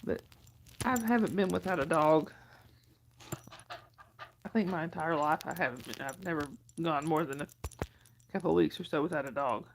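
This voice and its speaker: Gravelly-voiced middle-aged woman chatting. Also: sits low, normal speed, long pauses, slight background noise. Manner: chatty, reads viewer comments aloud and coos at her dog. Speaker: livestream host chatting with viewers. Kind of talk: casual livestream chat.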